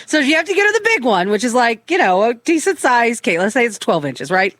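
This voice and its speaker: Brief: middle-aged woman co-host, higher pitch, lively storyteller, dry close studio sound. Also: a little fast, no echo. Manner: animated storytelling, frequent swearing. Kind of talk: casual chat.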